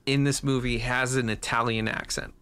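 A man co-hosting a casual movie podcast, animated and profane, mocking films with exaggerated impressions. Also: mid-range voice, moderate pace, clear, resonant tone. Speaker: podcast co-host.

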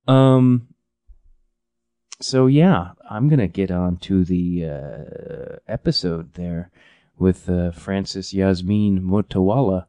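A man's voice: low-pitched, takes it slowly, warm tone, dry recording. A man in his thirties hosting a podcast, ranting in a profane, exasperated, rambling way with many restarts. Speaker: podcast host. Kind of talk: ranting comedic monologue.

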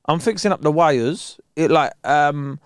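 A man's voice: fairly high pitch, expressive, a little slow, clean tone, no room sound, clean studio sound. A young man, co-hosting a podcast in casual chat, full of slang and swearing as he tells stories. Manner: slangy, storytelling, swears freely. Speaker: podcast co-host.

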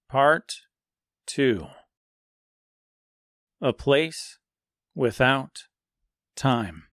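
A man reading a dark fairy-tale serial aloud in slow, measured scripted narration. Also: medium pitch, no echo, studio quality.

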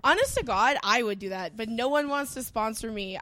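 A woman's voice: on the high side, brisk, bright, forceful tone. A woman co-hosting a podcast, crude and self-deprecating, laughing often and a bit stoned. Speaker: podcast co-host. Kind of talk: casual comedy chat.

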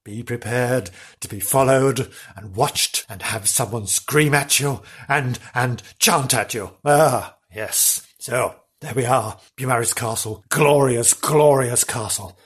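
A man hosting a comedy podcast, telling a mock-spooky tale in a drawn-out, theatrical way with laughing asides. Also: mid-range voice, breathy edge. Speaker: podcast host. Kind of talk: mock-spooky comic storytelling.

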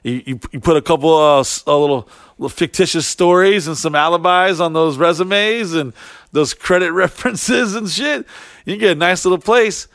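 A man's voice: fairly high pitch, normal speed, fairly bright tone, no echo, studio quality. A man in his thirties telling a long party story in casual chat, rambling and swearing a lot. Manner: rambling, profane, heavy use of "like". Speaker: podcast guest telling a story.

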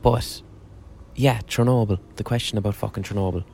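A man's voice: lowish voice, fairly even intonation, moderate pace, gravelly, a little mellow, slight background noise. Sweary man rambling outdoors. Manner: rambling, sweary, frequent restarts. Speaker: podcast host. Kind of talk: casual podcast monologue. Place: outdoors on a city street corner. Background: faint street ambience.

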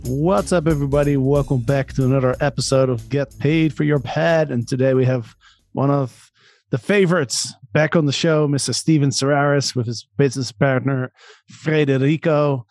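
A man hosting a podcast, reading a scripted intro and then chatting in an upbeat, energetic way with guests. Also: medium pitch, moderate pace, faint music behind. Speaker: podcast host. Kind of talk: casual interview, scripted intro.

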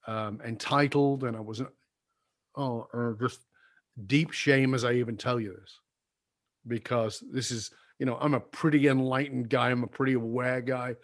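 Older male guest, earnest, confessional storyteller, softens at the tender moments. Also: fairly even intonation, normal speed. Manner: earnest, confessional, drops soft and low when recalling apologies. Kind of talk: reflective personal storytelling.

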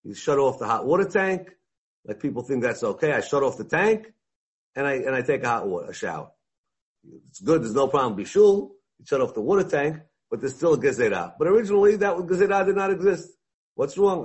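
A man teaching a Talmud class, animated, weaving Hebrew and Aramaic terms into his English and acting out the dialogue. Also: mid-range voice, brisk, breathy edge.

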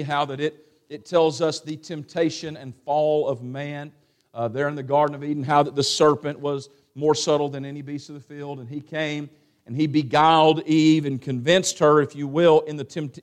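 Folksy preacher man. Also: on the high side. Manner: folksy preaching, reads scripture with rising emphasis. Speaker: pastor. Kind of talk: sermon. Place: church sanctuary.

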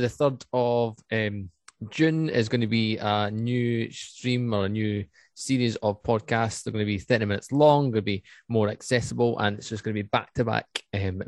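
A man's voice: fairly low pitch, no room sound, studio quality. A man with a Scottish accent hosting a casual podcast, chatty and laughing as he plugs the show. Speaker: podcast host.

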